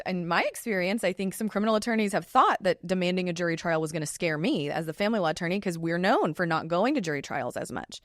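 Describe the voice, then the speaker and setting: A woman, a family law attorney hosting her own podcast in a chatty, animated way. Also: lowish voice, dry recording, clean studio sound. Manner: chatty and animated, with lively asides. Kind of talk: casual solo podcast talk.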